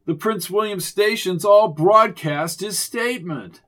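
A man reading an audiobook, voicing a snooty, pompous male official who speaks in a loud, clipped way. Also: sits high, a little slow, voice pushed up. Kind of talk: audiobook character voice.

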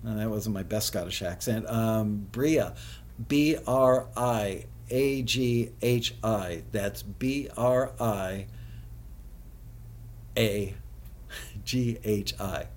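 A man's voice: lowish voice, a little mellow. Chatty male live-show host. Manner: chatty, laughing often, spells things out slowly. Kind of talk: casual live-stream chat with viewers.

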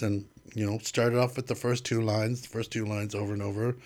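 A man who is a guest artist, telling a casual, animated story and acting out the things people said to him. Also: fairly low pitch, fairly quick. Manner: animated storyteller who acts out quoted exchanges.

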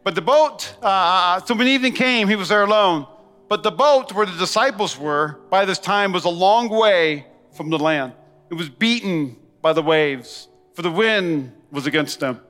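A man preaching a sermon to a congregation, animated and conversational, full of asides and call-and-response. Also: high voice, normal speed, faint music behind. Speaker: pastor. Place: large church hall. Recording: long church-hall reverb.

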